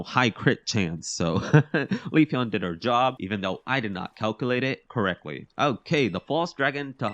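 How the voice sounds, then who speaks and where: A young man giving chatty, excitable let's-play commentary on a game, mocking himself as he goes. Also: lowish voice, dry recording, lo-fi sound. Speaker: gaming commentator.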